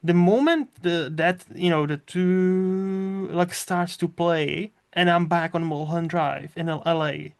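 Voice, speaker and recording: A man's voice: on the high side, measured pace, gravelly, few pauses, clear, resonant tone. A man hosting a casual movie podcast, talking in a loose, rambling way with lots of fillers and frequent swearing. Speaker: podcast host.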